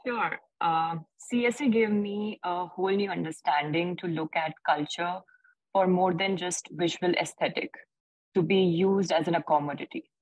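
Woman, lowish pitch, husky, dry sound, measured panel answer. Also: steady tone, no room sound, rough recording. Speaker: alumna panellist, designer.

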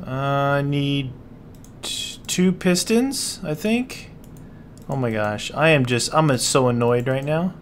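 Slow-talking dismayed gamer guy. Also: mid-range voice, animated, slight background noise. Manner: dismayed, keeps exclaiming and muttering to himself while playing. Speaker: gaming channel host. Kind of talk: casual let's-play commentary.

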